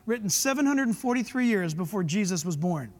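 High-voiced preaching man in a reverberant hall. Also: lively intonation. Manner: emphatic, preaching with rising force and quick asides. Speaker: pastor. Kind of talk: sermon.

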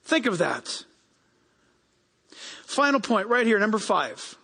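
A man preaching a sermon as pastor, animated and acting out the people he quotes. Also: sits high, slow pace, vocal fry, slightly rough. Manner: animated, acts out quoted people in raised voices. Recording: long hall reverb.

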